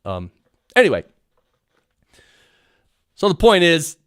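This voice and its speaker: A man teaching podcast audio production on a live stream, rambling and excitable, often interrupting himself, speaking into a studio mic in a home studio. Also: a little high, takes it slowly, smooth, no echo. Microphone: studio mic through audio recorder.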